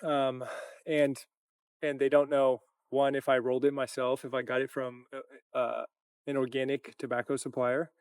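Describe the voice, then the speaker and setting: A man's voice: medium pitch, little pitch movement, moderate pace, darkish tone, smooth, no room sound, studio quality. A young man talking to camera in a casual vlog, tired, reflective, and full of loose run-on phrases. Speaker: content creator and coach.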